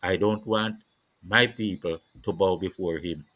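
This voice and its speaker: A man's voice: low voice, steady tone, unhurried, a bit bright, no echo, poor audio. A man delivering an impassioned political monologue with a preaching, declamatory cadence and repeated phrases. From Jamaica. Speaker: political commentator.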